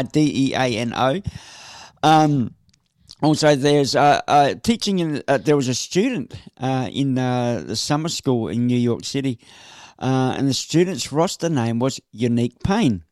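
A man's voice: medium pitch, animated, a little slow, a little mellow, dry recording, clean studio sound. A man hosting a casual radio chat, talkative, with many fillers and frequent laughs. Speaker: radio host. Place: teaching in New York City.

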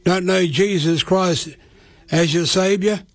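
A man's voice: high voice, steady tone, slow. An Australian man delivers a radio sermon in an earnest, pleading way, circling back to the same phrases as he leads listeners in prayer. His voice sits slightly above the usual male range. The studio sound is dry, with no room echo. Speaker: radio preacher.

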